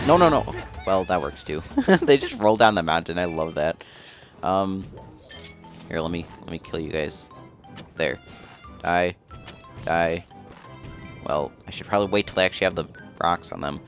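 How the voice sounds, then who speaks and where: A man's voice: sits low, normal speed, pauses often, soft background music. A man casually commenting as he plays a video game, rambling and chatty. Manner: rambling, chatty, often laughing. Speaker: let's play host.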